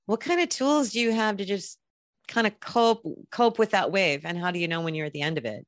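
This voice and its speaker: A woman's voice: medium pitch, brisk, no room sound. A woman hosting a casual interview, affirming her guest and asking curious questions. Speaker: podcast host.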